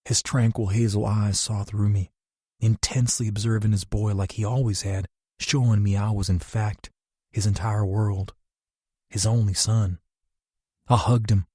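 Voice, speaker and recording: A man reading first-person scripted narration in a measured, emotional way. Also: on the low side, little pitch movement, warm tone, breathy edge, no echo, studio quality. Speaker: audiobook narrator.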